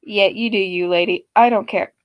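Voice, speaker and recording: A woman narrating an online story in a lively, expressive, slightly sarcastic way. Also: medium pitch, moderate pace, no echo, highs cut off.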